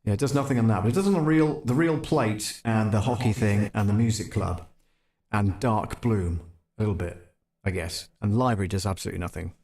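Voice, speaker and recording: A chatty man with a slightly low voice talks through an audio tutorial on a live stream. He thinks aloud as he goes and laughs at his own jokes. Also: fairly quick, a little mellow, slightly rough. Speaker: host demonstrating audio gear.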